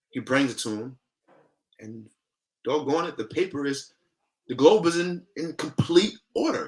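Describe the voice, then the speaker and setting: Animated man telling a story. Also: on the high side, normal speed, long pauses. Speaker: podcast guest. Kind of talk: conversational storytelling.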